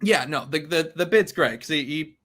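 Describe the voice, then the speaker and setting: Young dude guest on a comics podcast, bright voice, kinda halting. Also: male voice, a little high. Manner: hesitant, many ums and restarts, relaxed. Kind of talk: casual comic discussion podcast.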